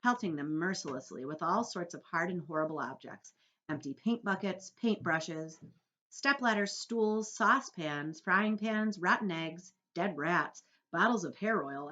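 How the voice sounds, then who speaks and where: A woman's voice: sits low, moderate pace, highs cut off. A woman teacher reading a children's book aloud to her class, telling it expressively. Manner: expressive storytelling.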